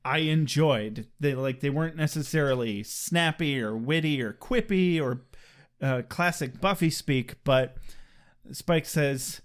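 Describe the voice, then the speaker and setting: A man's voice: on the high side, measured pace. A man co-hosting a podcast, chatting casually and joking, with casual swearing. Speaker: podcast co-host. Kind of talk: casual chat.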